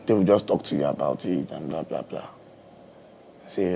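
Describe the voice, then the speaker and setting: A man's voice: a bass voice, normal speed, creaky, mellow, faint music behind. A man with a Nigerian accent co-hosting a casual chat, insistent and laughing as he argues his point. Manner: insistent, laughs while arguing. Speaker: podcast co-host.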